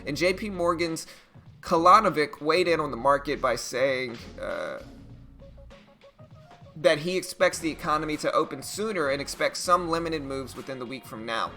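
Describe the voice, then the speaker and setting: A man hosting a casual day-trading live stream, reading market news and reacting to stocks in a chatty, animated way. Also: a little high, normal speed, faint music behind.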